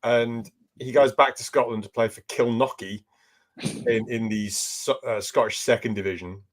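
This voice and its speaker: A man's voice: medium pitch, steady tone, moderate pace. Chatty, opinionated male podcast co-host. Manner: chatty and opinionated, laughs easily. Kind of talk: casual sports chat.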